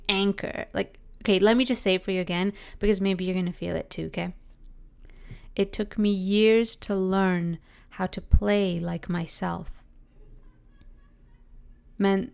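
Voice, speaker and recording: A young adult woman with a Canadian accent hosting a reflective solo podcast, musing aloud with many "like"s, restarts and soft laughs. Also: lowish voice, creaky, clear, resonant tone. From Britain. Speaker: podcast host.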